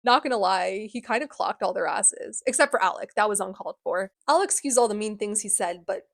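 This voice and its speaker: A woman in her twenties giving a comedic book recap, animated and sarcastic, laughing often. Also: medium pitch, fairly quick, creaky, no room sound, studio quality. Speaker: book vlogger.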